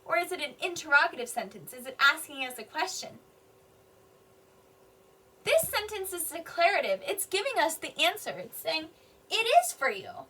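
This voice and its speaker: Bright, high-voiced kindergarten teacher. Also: female voice, lively intonation, recorded from a distance. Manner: slow, exaggerated sounding out of words; patient, encouraging teacher talk. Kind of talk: phonics and reading lesson for young children.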